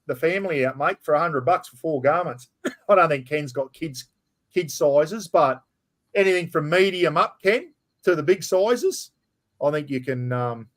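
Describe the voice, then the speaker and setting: A middle-aged man with an Australian accent hosts a casual live-stream chat, talking bluntly and chattily, swearing freely and calling people mate. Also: fairly high pitch. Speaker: livestream host.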